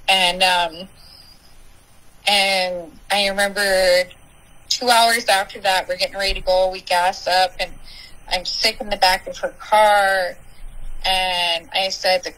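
A woman's voice: mid-range voice, steady tone, moderate pace, fairly bright tone, rough recording. A young woman, a podcast guest, candidly and emotionally telling her personal recovery story.

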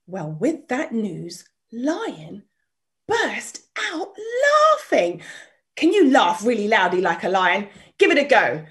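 A woman storyteller reading a children's story aloud, expressive, dropping to whispers and inviting listeners to join in. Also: mid-range voice, slow.

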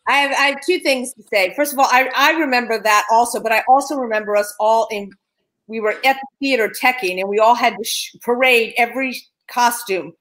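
A woman's voice: fairly high pitch, fairly quick, fairly bright tone. A woman and former cast member sharing reflective stories in a reunion video call.

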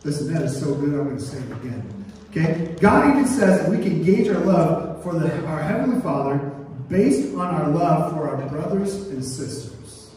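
A man preaching to his congregation, heard from a distance in a large, echoing church hall. His voice sits fairly high for a man. He drives his points home with call-and-response, getting the room to repeat phrases after him. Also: very animated, moderate pace, a little mellow, a little hiss or hum. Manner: sings a line playfully. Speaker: pastor. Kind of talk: sermon. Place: church sanctuary. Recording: echoey hall from far off.

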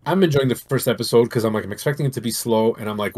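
Husky man rambling in casual chat. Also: lowish voice, racing. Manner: rambling, animated storytelling. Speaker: podcast co-host.

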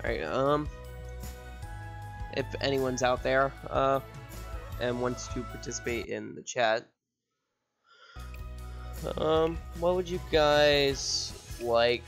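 A man's voice: medium pitch, takes it slowly, pauses often, fairly bright tone. A man streaming games at home, rambling and repeating words as he thinks aloud over faint music. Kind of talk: casual gameplay commentary.

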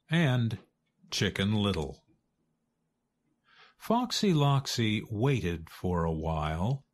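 Brief: male narrator for a learners' storybook, clear and expressive, unhurried. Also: medium pitch.

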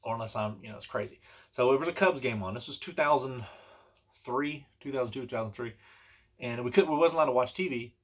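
Earnest rambling man with a husky voice. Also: medium pitch, quick pace. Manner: rambling, earnest, many restarts and "you know"s. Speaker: vlogger telling personal stories. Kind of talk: casual personal storytelling.

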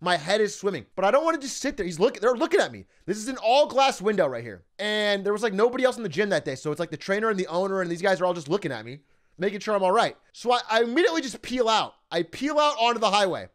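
A young man streaming, telling a long personal story in a casual, profane, animated way and laughing often. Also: high-pitched, fast talker.

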